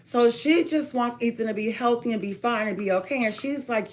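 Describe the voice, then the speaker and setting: Emphatic woman, higher voice, telling her story. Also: a little fast. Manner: emphatic, tumbling run-on storytelling. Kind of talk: casual chat.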